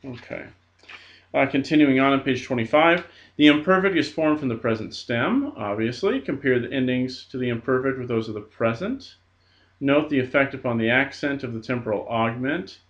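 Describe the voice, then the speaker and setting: Guy teaching a lesson step by step, lotsa uh's, mid pitch, muffled lo-fi audio. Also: animated, normal speed. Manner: patient, methodical, frequent uh fillers. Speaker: Greek teacher. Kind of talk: recorded lesson. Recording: dull lo-fi recording.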